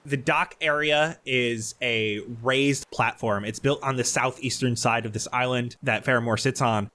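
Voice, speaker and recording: A man narrating a tabletop game as dungeon master, with steady, descriptive scene-setting. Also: medium pitch, a little slow.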